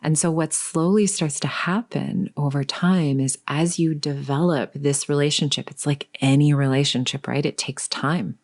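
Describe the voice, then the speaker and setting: A woman in her forties hosting a reflective solo podcast as a coach, talking gently and unhurriedly, sometimes dropping to a soft whisper. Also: low voice, steady tone, moderate pace, few pauses.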